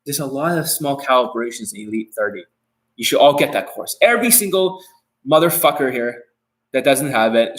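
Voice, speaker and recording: A man holds a live stream Q&A as a dating coach. His voice sits at an ordinary middle pitch. He talks bluntly and curses freely, rambling and circling back over the same phrases. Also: lively intonation, moderate pace, fairly bright tone, low-quality recording. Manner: repeats and restarts phrases.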